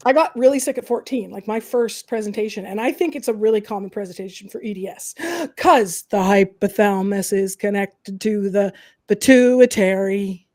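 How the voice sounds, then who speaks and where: A middle-aged woman from the prairies of Canada hosts a casual chat, her mid-range voice at a moderate pace. She's animated throughout and voices the little quotes she tells.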